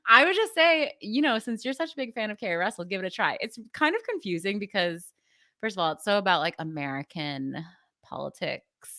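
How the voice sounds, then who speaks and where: A woman's voice: medium pitch, animated, fairly quick, pushed and bright, no room sound, clean studio sound. A middle-aged woman co-hosting a podcast, chatting casually and rambling through recaps with frequent laughs. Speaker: podcast co-host. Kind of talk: casual chat.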